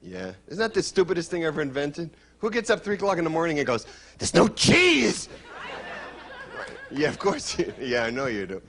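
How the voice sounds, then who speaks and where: Quick, teasing stand-up comedian, a man. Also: a little high, sing-song. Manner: quick, teasing banter with the crowd. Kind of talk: stand-up routine, then chat. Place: stage before a live audience.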